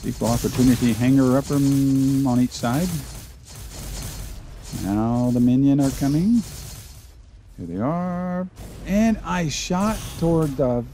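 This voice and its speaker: Man with a Southern Arkansas accent hosting his game channel, slow and mellow, joking as he plays. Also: medium pitch, soft background music. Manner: playful, jokey, chatty commentary. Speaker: gaming channel host. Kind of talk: casual gameplay commentary.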